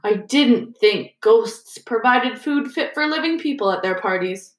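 A woman voicing a cold, sneering male teacher who drawls slowly. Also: a little high, animated. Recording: roomy echo.

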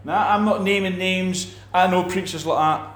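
A man teaching about faith in a relaxed talk, animated, acting out quoted people and restarting his sentences often. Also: sits high, moderate pace, echoey room. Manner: animated, acts out quoted preachers, many restarts. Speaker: preacher.

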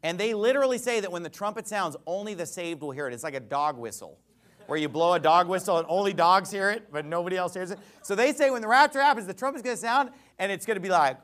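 Male preacher, high voice with wide swings, mocking and emphatic sermon delivery. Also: expressive, fast, fairly bright tone.

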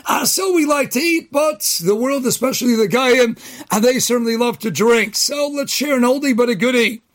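A middle-aged man hosting a daily pep talk, telling jokes and stories in an animated way, shouting some punchlines. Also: very high-pitched, normal speed. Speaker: host.

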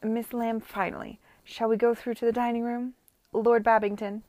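A woman's voice: a little high, flat delivery, moderate pace, mellow, no echo, close to an everyday voice. A woman doing a domineering old aristocratic lady. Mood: commanding.

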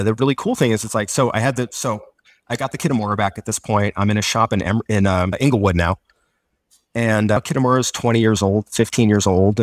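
A man's voice: lowish voice, no room sound, clean studio sound. A man telling a story as a guest in casual conversation, loose and filler-heavy, acting out the people in it. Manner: animated, acts out the people in his story.

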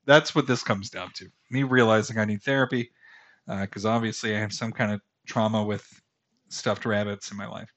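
This fantasy podcast host, a man in his thirties, speaks with a fairly low pitch, a steady tone and a bit of brightness at a moderate pace. His casual solo commentary is rambling and self-deprecating, packed with fillers and restarts.

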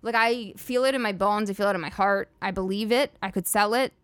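A woman's voice: mid-range voice, brisk, no room sound. A young woman hosting a solo comedy podcast, ranting in a chatty, sarcastic, profane way full of "like" fillers. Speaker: podcast host.

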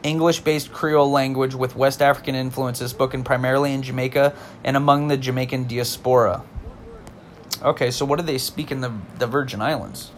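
A man's voice: medium pitch, steady tone, fairly quick, slight background noise. A man giving casual comedic commentary, rambling, swearing and mocking himself. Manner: rambling, profane, self-mocking. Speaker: video host reading lyrics.

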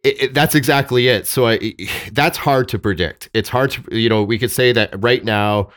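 A man speaking as a podcast guest, thoughtful and halting with frequent restarts and fillers. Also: medium pitch, fairly bright tone, no echo, studio quality. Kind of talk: podcast interview.

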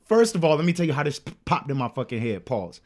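A man's voice: a little high, sing-song, fast. A young man co-hosting a podcast in casual chat, rambling with stammered restarts and plenty of slang and cursing. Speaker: podcast co-host.

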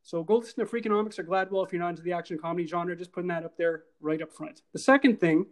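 Fast-talking high-voiced man. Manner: animated, talks in quick bursts with many fillers and asides. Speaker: podcast co-host. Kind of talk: casual movie review chat.

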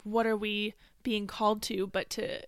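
A young woman co-hosting a casual faith podcast, talking in an animated way and laughing often. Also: mid-range voice, measured pace, dry recording, studio quality. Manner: animated, laughs often, retells with mimicking voices. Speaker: podcast co-host.

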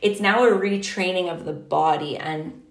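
A podcast co-host talks animatedly in a casual conversation, her speech packed with "like" and offhand swearing. Her voice is fairly low, her speed normal, and the sound roomy.

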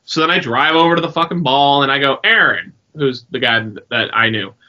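A young man co-hosting a podcast, telling a story in a rambling, swearing, animated way. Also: mid-range voice, brisk. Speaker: podcast co-host. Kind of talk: casual chat. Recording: dull lo-fi sound.

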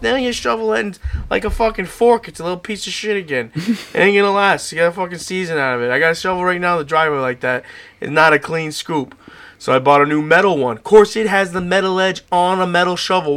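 A man with a voice a touch higher than most tells stories in a loose, rambling way, full of fillers and constant swearing. He gets animated as he goes, co-hosting a casual chat. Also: no echo. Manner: animated storytelling. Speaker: podcast co-host.

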